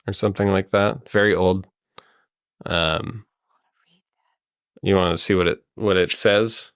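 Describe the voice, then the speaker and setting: Man, game master, very low voice, slow, rambling narration, dry close mic. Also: steady tone, smooth, dry recording. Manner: meandering, full of ums and likes.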